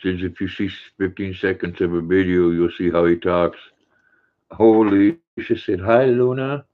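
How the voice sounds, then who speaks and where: Older male stream host, deep, folksy chat-reader, thin phone-quality audio. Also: fairly even intonation, measured pace. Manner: folksy, warm with his dog, chatty. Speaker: livestream host. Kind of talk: reading viewer chat aloud on a livestream. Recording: tinny phone-like sound.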